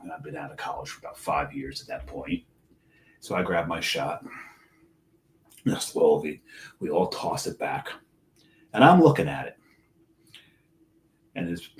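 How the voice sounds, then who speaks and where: A middle-aged man co-hosting a casual podcast, telling a story with frequent laughs. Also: low-pitched. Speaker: co-host.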